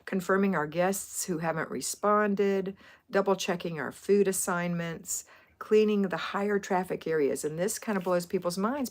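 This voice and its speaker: A middle-aged woman from Florida hosting a homemaking livestream, chatting casually and rambling as she answers viewers' comments. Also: on the low side. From Florida, USA.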